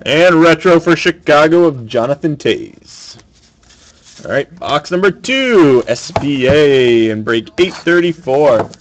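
A man hosting a sports card break, calling out each card pulled in a brisk, matter-of-fact way. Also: on the high side, animated, slight background noise. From Canada.

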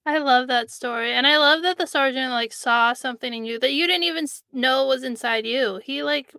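A woman's voice: high-pitched, fairly quick, pushed and bright, smooth, dry recording, studio quality. A woman hosting a podcast interview, asking questions and reacting with enthusiasm. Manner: enthusiastic, chatty. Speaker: podcast host.

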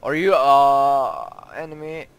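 A young man, commenting on his own video game play, who gets excitable and yelps and shrieks when startled. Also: mid-range voice, slow pace, heavy background noise. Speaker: gaming YouTuber.

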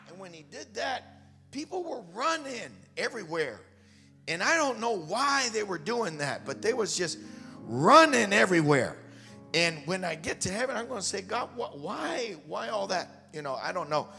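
A male missionary preacher telling a testimony in a sermon, rambling at first and building to fervent shouted preaching. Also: sits high, gravelly. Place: church sanctuary. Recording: long hall reverb with faint music.

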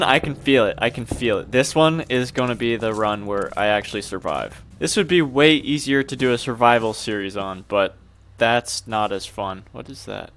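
A man's voice: medium pitch, a bit bright, a little hiss or hum. A young man commentating his own horror gameplay, jumpy and swearing, with panicky outbursts. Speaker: gaming youtuber.

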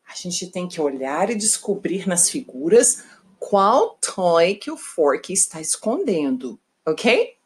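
A woman's voice: on the low side, slightly rough. A woman teaching English to first graders in an exaggerated, sing-song way, gasping at each new picture and switching into to explain. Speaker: English teacher for young children. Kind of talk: slow, animated online lesson for first graders.

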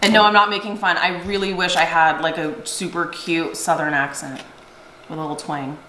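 A woman's voice: lowish voice, fairly even intonation, moderate pace, a crowd in the background. A woman who owns a soap shop chats casually on camera, reading scent descriptions aloud and laughing often. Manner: chatty and giggly, reads scent descriptions aloud. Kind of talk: casual on-camera product chat. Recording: roomy echo, faint background noise.

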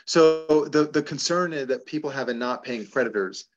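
A man's voice: medium pitch, normal speed, dull audio. A middle-aged man hosting a casual advice talk, answering a caller's questions and telling stories with frequent laughs. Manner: animated, storytelling with laughs. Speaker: host answering member questions.

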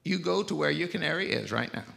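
A pastor voicing a kind, patient woman telephone operator who asks gentle questions during a sermon story. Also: fairly high pitch, animated, fast talker, gravelly, pitched above the performer's own voice, heavily acted. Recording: reverberant church sanctuary.

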